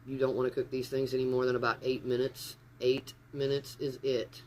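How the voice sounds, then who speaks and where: A man chats casually on a live stream from his phone in an upstairs room at home, rambling and getting sidetracked easily. His medium-pitched voice is level in tone and a little fast, with slight background noise.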